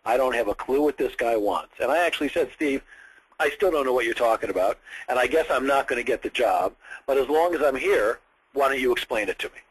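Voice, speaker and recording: A man's voice: medium pitch, a little fast, slightly rough, poor audio. A man telling a story from his sales career in a training session, acting out other people's lines as he goes. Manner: animated storyteller, acts out quoted voices.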